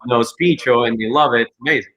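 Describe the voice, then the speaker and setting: Bright, animated male storyteller. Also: mid-range voice, fast talker. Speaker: guest, company co-founder. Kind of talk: casual interview chat.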